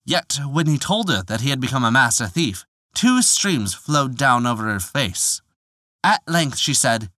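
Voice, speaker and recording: A man tells an old folk tale with lively, expressive delivery. His voice is bright and his pitch moves a lot. The sound is close and dry. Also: a little slow, no echo. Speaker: storyteller.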